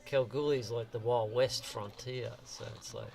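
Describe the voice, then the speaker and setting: A laid-back man in casual chat, agreeing often with quick yeahs. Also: medium pitch, steady tone, gravelly, darkish tone, poor audio.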